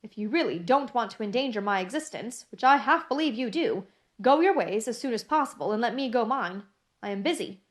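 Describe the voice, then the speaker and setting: A woman reading the lines of an irritable, furtive Englishman in an audiobook, with an abrupt, low, vexed delivery. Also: lively intonation, brisk, lightly acted. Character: hurried, irritable middle-aged Englishman.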